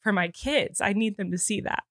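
Lady on a podcast, choked up and teary but chatty, talks fast and animated, mid-pitch voice, dry close sound. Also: dry recording. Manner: rapid, animated talk broken by laughs. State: tearful and emotional. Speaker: podcast co-host. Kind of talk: casual chat.

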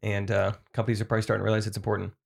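A man co-hosting a podcast, talking fast in casual chat with many fillers. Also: lowish voice, flat delivery, vocal fry. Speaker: podcast co-host.

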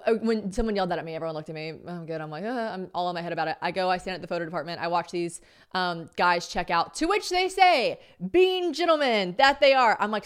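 Animated woman in her thirties, smooth voice. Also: fairly low pitch. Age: 30s. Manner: animated, acts out her own thoughts in exaggerated voices, swears freely. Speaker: podcast host. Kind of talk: casual storytelling.

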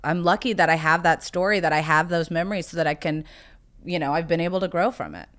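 A woman's voice: fairly low pitch, fast, fairly bright tone. A woman from South Carolina, a podcast guest, telling stories in casual chat with many "like" fillers. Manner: chatty storyteller, fillers of "like".

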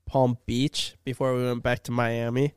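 A young man on a casual podcast, spinning a story with lively back-and-forth voices. His voice is smooth and resonant and sits at a middling pitch. The recording is dry and close. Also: normal speed, no room sound. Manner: animated storyteller, acts out both sides of a conversation. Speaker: podcast host.

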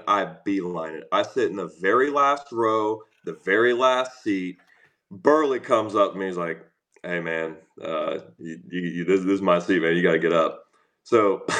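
A man's voice: on the low side, a bit bright. A man guesting on a podcast, telling easygoing anecdotes and laughing as he goes. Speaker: guest, pro pitcher. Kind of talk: interview chat.

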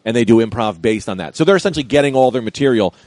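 A comedian telling a story in casual chat, acting out the people in it with loud, lively quotes. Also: male voice, medium pitch, very fast, no room sound. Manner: animated, acts out quotes loudly.

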